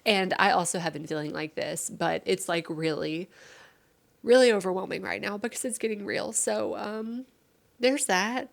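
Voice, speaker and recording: A woman's voice: medium pitch, fairly even intonation, moderate pace, gravelly. A woman vlogging from home, tearful and talking in a rambling, heartfelt way. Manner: rambling and heartfelt, many fillers. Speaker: vlogger and streamer. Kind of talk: casual confessional vlog.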